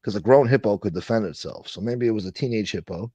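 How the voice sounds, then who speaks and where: A man's voice: fairly low pitch, fast, warm tone, slightly rough, no room sound. A man hosting a casual late-night livestream chat, rambling and swearing as he reads and answers viewer comments. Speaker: livestream host.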